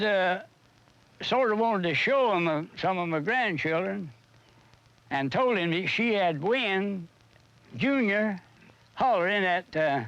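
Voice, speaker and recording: An older man, a farmer reminiscing casually, halting and restarting often. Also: sits high, fairly bright tone. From North Carolina. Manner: halting, with many restarts and fillers. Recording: dull 1970s film soundtrack.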